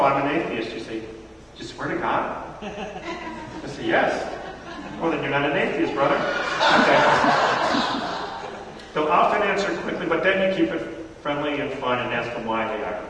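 A man in his thirties teaching a church audience, an animated storyteller who acts out the voices in his stories. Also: mid-range voice, a little fast, noisy background. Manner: animated storyteller acting out dialogue. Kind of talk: lively talk to a live audience. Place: large hall with audience. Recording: echoey hall from far off.

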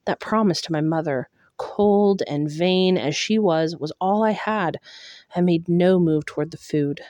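A woman reading a first-person novel aloud in a measured, steady way. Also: on the low side, dry recording. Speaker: audiobook reader.

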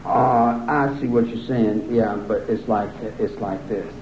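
A man answering an interviewer in a rambling, repetitive way, his voice climbing high and heated as he argues. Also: fairly even intonation, unhurried, darkish tone, reverberant, a little hiss or hum. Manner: rambling, repeats himself, climbs to a high agitated pitch. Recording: dull lo-fi archive recording.

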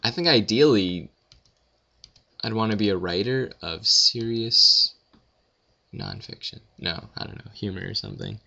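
A young man rambling through listener questions in a casual audio Q&A, with deadpan self-deprecating jokes. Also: fairly low pitch, measured pace, creaky, long pauses, highs cut off. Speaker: vlogger answering questions.

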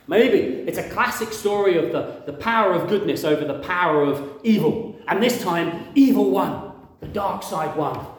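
A man's voice: sits high, darkish tone, a little hiss or hum. A man preaching a conversational sermon, asking the congregation questions and acting out quoted voices. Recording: very echoey room.

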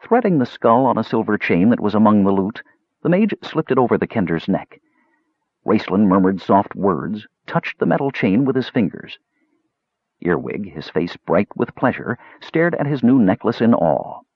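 A man narrating a fantasy audiobook with an expressive, storytelling delivery. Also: on the low side, normal speed, breathy edge, no room sound, dull audio.

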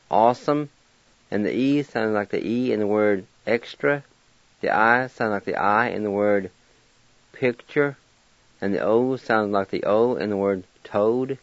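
Slow, patient man teaching vocabulary. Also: lowish voice, no room sound. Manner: deliberate, spells letter by letter and repeats each word. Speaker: language teacher on a radio show. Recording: dull, lo-fi radio recording.

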